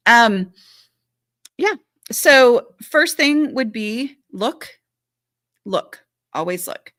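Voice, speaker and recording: A woman's voice: a little high, lively intonation, very slow, long pauses, fairly bright tone, no room sound, studio quality. Chatty woman answering viewer questions. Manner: chatty and reassuring, with frequent "like" and "um". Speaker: decluttering advice host; former teacher and mother. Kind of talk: live-stream Q&A, reading and answering viewer questions.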